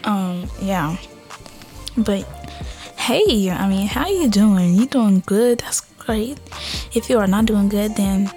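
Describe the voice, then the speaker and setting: A young woman hosting her own podcast, chatting loosely with lots of fillers and restarts and often dropping into a soft whisper. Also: mid-range voice, lively intonation, slow, faint music behind. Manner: rambling, many fillers and restarts. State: out of breath. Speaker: podcast host. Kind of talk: casual solo podcast chat.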